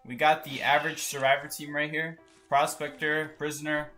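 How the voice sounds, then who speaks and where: A man's voice: fairly high pitch, little pitch movement, moderate pace, sharp tone, soft background music. A young man chatting casually and joking while streaming a game and reading chat aloud. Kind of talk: casual gaming stream commentary.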